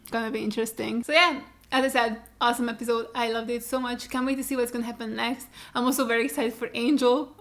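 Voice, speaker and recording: A young woman hosting a reaction video, chatting casually and animatedly, swearing freely. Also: a little high. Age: young adult. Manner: animated, swearing freely, mocking voices in quotes. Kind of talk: casual chat.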